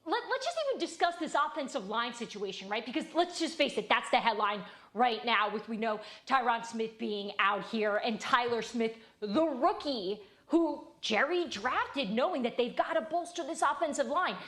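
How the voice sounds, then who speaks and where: A woman's voice: a little high, lively intonation, normal speed, hardly any pauses, fairly bright tone. A woman from New Jersey with a New Jersey accent, speaking bluntly and with animation as a sports analyst on a TV panel. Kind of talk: television sports panel talk.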